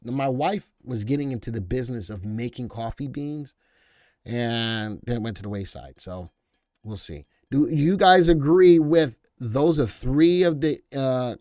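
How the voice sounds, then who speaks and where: A man's voice: mid-range voice, dry recording, clean studio sound. A middle-aged man hosting a live stock market stream. He reads headlines aloud, answers viewers in chat, and pushes his voice up hard when he makes a point.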